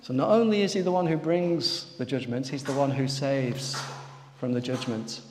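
A man's voice: medium pitch, normal speed, big-room sound, noisy background. A man preaching a sermon to his congregation, asking them questions and calling on people by name.

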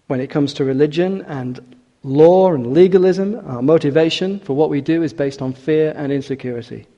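A man's voice: fairly high pitch, normal speed, warm tone, highs cut off. A man preaching a sermon in an earnest way, with rhetorical questions and hesitant restarts. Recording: long hall reverb.

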